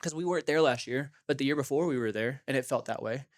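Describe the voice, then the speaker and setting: A man co-hosting a podcast, talking in a casual, animated, rambling way, swearing and saying "like" a lot. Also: medium pitch, quick pace, dry recording, clean studio sound. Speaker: podcast co-host. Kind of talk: casual chat. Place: gym.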